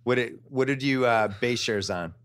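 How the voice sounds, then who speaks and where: A man hosting a casual podcast interview, chatty and quick with questions. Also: mid-range voice, fairly bright tone, clean tone. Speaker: podcast host.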